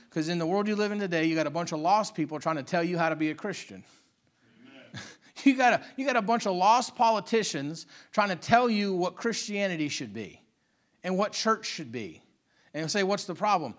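A man preaching a sermon with fervent, dynamic delivery, reading scripture and repeating phrases for emphasis. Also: high-pitched. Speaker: pastor.

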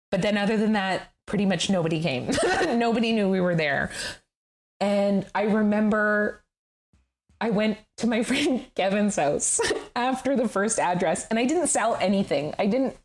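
A woman furniture designer telling stories in a casual interview, laughing often and swearing casually. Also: medium pitch.

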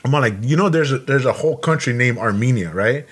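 A man's voice: medium pitch, animated, a little fast, a bit bright, slightly rough. A man from Los Angeles, a Marine veteran, co-hosting a casual podcast chat in a blunt, heated way, swearing often and restarting his sentences. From Los Angeles, USA.

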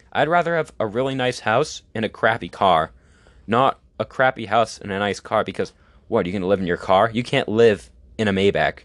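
A man's voice: mid-range voice, a bit bright, no echo. A young man hosting his own show, giving opinions in a rambling, casual monologue. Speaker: podcast host.

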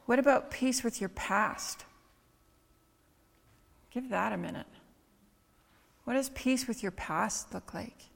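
A woman preacher giving a conversational sermon, full of rhetorical questions and quick "right?" asides. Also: a little high, creaky. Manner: conversational, asks many rhetorical questions with tag questions. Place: church hall. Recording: long reverb in a hall with faint music.

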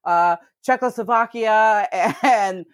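Laughing often and swearing through her stories, a woman co-hosts a casual podcast chat. Her medium-pitched voice moves slowly. It's recorded to studio quality with no echo.

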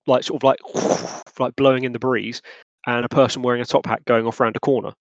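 A man narrating a tabletop role-playing game as game master, often pausing and restarting his sentences. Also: medium pitch, level tone, dry recording. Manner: hesitant, lots of ums and restarts. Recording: dull lo-fi sound.

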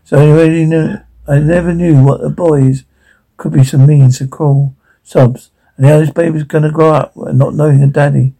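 Man putting on a southern drama-queen actress, overwrought, gravelly husky voice. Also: a little high, steady tone, normal speed, warm tone, low-quality recording. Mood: melodramatic. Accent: American Southern. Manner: melodramatic, overwrought. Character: theatrical faded actress, woman, melodramatic.

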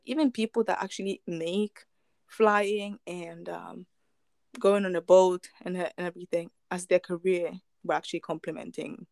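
A woman's voice: on the low side, creaky, a little mellow, no room sound. A woman casually retelling a true crime story, rambling with fillers, restarts and chuckling asides.

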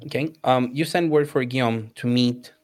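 A man's voice: medium pitch, normal speed, darkish tone. A man narrating a tabletop game as game master, hesitant and full of fillers.

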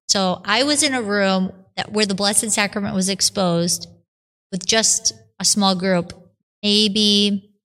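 A religious sister telling her vocation story in a podcast interview, acting out the voices she quotes. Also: mid-range voice. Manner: animated storyteller who acts out her own quotes.

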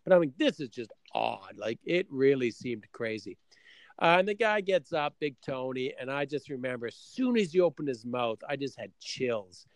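A man's voice: mid-range voice, animated, moderate pace, no room sound. A middle-aged man from Canada telling a story in casual chat, acting out both sides of his conversations.

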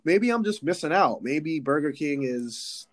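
A male podcast co-host chatting casually in a fairly high voice. His pitch jumps around as he tells stories. He jokes and uses slang throughout. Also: unhurried. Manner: lively, joking, slangy storytelling. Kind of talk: casual chat.

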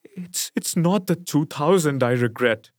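A man's voice: a little high, expressive, measured pace, no echo, studio quality. A man reading a storybook, voicing a self-pitying wealthy lady of the house who talks in a weary, injured voice. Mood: wounded.

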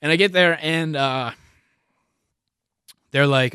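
Young man, casual chat, lots of swearing, bright tone, dry close sound. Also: fairly high pitch, slow pace, clean tone, dry recording. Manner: swears a lot, animated, laughs through stories. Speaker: podcast guest.

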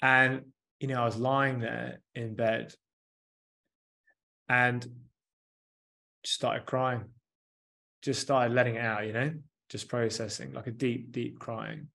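A man's voice: medium pitch, flat delivery, takes it slowly, gravelly, pauses often, bright, forceful tone. Male, 30s, coach or therapist guest, earnest and reflective, casual interview delivery. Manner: earnest, reflective, leans on "like" and "you know". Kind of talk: candid conversational interview.

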